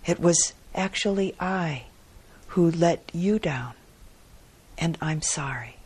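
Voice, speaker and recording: A woman's voice: lowish voice, slow, darkish tone, breathy edge. A woman voicing a humble male Brahmin farmer in a told fable, earnest and eager. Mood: ashamed.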